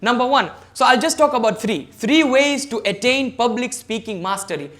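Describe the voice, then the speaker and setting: A man's voice: very high-pitched, animated, normal speed, a bit bright. A man giving a motivational lecture on public speaking over a video call, stressing his points one by one and putting questions to his listeners. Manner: emphatic, enumerates points, questions the audience directly. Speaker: guest speaker at a service club forum. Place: online meeting.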